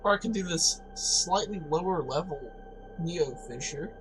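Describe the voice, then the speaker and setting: A man with a slightly high voice rambles through casual gaming commentary, cracking jokes and laughing at himself. His talk drifts from topic to topic with filler words and the odd curse. Faint music plays underneath. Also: animated, unhurried, low-quality recording. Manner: rambling, joking, laughs often, mild swearing. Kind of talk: casual let's-play commentary.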